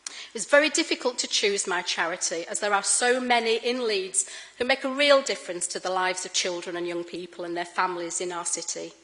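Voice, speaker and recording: A middle-aged woman giving a formal speech in a council chamber, anecdotal and gently humorous. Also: medium pitch, poor audio. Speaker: incoming Lord Mayor.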